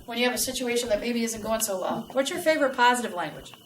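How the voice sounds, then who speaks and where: A woman giving a lively customer service training talk to a live audience and asking them questions. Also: fairly high pitch, fast. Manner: animated, asks the audience questions. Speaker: workplace trainer. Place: large room with a live audience. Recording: echoey room, from a distance, faint noise.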